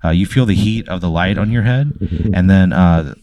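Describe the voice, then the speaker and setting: A man's voice: low-pitched, moderate pace, dark tone, no echo, clean studio sound. A young man narrating a tabletop game as game master, rambling loosely and often breaking into laughter.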